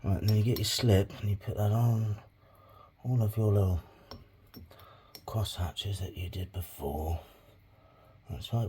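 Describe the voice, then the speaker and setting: A man's voice: lowish voice, normal speed, dark tone, breathy edge. A man making clay pots as he talks, rambling and swearing freely, often muttering asides under his breath. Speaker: crafting hobby vlogger. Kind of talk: casual crafting tutorial.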